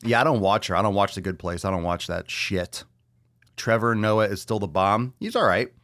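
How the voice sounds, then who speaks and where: A man's voice: fairly low pitch, normal speed, a bit bright, dry recording, studio quality. A man hosting a podcast, ranting bluntly and sarcastically with lots of swearing, repeating lines for emphasis, then taking audience questions. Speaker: podcast host. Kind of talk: solo podcast rant and Q&A.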